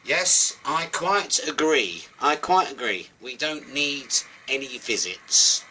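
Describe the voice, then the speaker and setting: A man's voice: mid-range voice, animated, slow, bright, forceful tone, a little hiss or hum, exaggerated voice, low-quality recording. A man voicing a posh, bookish male seagull in a children's picture story. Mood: stern. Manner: posh, well-read voice.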